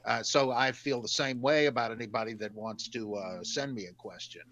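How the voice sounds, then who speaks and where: Older american guy on a video call, bright forceful voice, dry close sound, lots of uh's. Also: mid-range voice, moderate pace, no echo. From United States. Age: 60s. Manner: relaxed, wry, frequent "uh" fillers. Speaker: guest theologian. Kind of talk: casual livestream interview.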